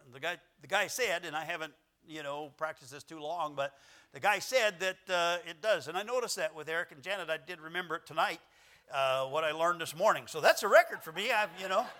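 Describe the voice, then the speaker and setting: A man's voice: on the high side, sharp tone. A male pastor preaching an evening church sermon in a folksy, rambling way, full of fillers and little self-deprecating chuckles. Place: church sanctuary.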